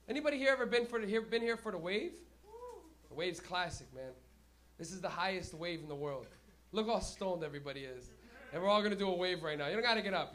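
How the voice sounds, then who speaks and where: A man's voice: sits high, a bit bright. A man hosting a comedy night, talking loosely and profanely and laughing at his own jokes. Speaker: stand-up comedian and host. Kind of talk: stand-up comedy. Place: comedy club stage.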